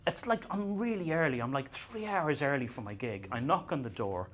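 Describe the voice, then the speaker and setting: An Irish man doing a stand-up comedy set, telling self-mocking stories in a halting way and often repeating his words as he restarts. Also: mid-range voice, animated. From Ireland. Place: comedy venue stage.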